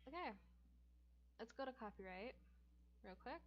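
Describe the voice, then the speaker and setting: A woman's voice: a little high, animated, unhurried. A young woman casually reading a book aloud, chatty and jokey, who often stumbles and corrects herself. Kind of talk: casual read-aloud with asides. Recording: dull lo-fi recording.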